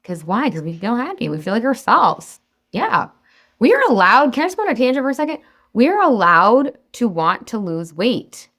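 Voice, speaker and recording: A woman's voice: mid-range voice, fairly bright tone. A woman in her thirties coaching a webinar audience on weight loss, chatty and encouraging, sometimes acting out her own inner voice.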